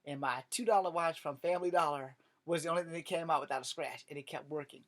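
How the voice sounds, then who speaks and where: A man's voice: on the high side, fast talker, a bit bright. A man with a drawl tells a personal story in a casual, meandering way. He swears freely and fills gaps with "um" and "like" while he talks. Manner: rambling and profane, full of fillers. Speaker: vlogger.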